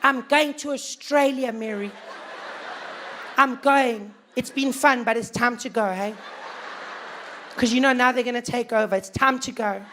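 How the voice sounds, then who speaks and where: A man's voice: extremely high pitch, a little slow, pauses often, bright, forceful tone, slight background noise, voice pushed up, full character voice. A man voicing a fretful middle-aged person who keeps threatening to move abroad, whiny and melodramatic.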